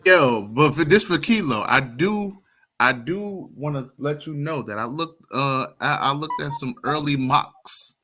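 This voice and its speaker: Guy with a bright forceful voice tossing out draft picks, easygoing slang. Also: a little high, unhurried. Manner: laid-back slang, hedging his takes. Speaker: podcast co-host. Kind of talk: casual sports debate.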